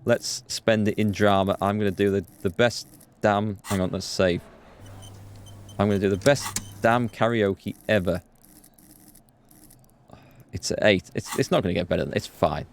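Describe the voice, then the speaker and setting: A man's voice: lowish voice, fairly even intonation, normal speed, creaky, long pauses, clean tone. A man hosting a let's play, reading game text aloud and commenting casually with frequent chuckles.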